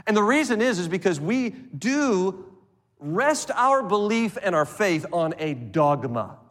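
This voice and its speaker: A man with a slightly high voice preaches a sermon in a church, lively and animated, and he slips into other people's voices as he tells stories. His words ring out with a long reverb through the sanctuary. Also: unhurried. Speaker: pastor.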